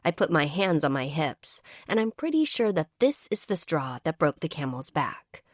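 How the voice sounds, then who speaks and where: A woman's voice: low voice, big pitch swings, moderate pace, dry recording, clean studio sound. A woman narrating a first-person romance audiobook in a wry, exasperated manner.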